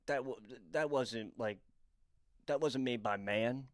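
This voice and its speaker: A man's voice: mid-range voice, slow pace, dry recording, clean studio sound, natural voice. A man voicing an adult male bus passenger who talks earnestly and conspiratorially about aliens.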